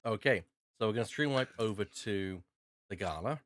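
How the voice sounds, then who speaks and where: A man's voice: on the low side, expressive, moderate pace, no room sound. Rambling man running a tabletop game. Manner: rambling, with many fillers and restarts. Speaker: game master.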